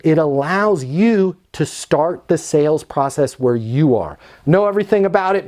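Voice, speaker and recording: A middle-aged man teaches sales technique with punchy emphasis, and his voice sits somewhat high for a man. He talks straight to the viewer and acts out snippets of phone calls along the way. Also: moderate pace, few pauses. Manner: energetic, emphatic, acts out both sides of calls. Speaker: leasing sales trainer. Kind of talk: instructional talk with role-played phone calls.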